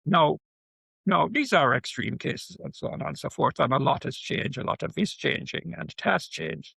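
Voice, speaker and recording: An older man from Jamaica, a professor guest, talking in an animated storytelling way with frequent asides. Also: a little high, moderate pace, gravelly, slightly rough, no room sound. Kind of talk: conversational interview.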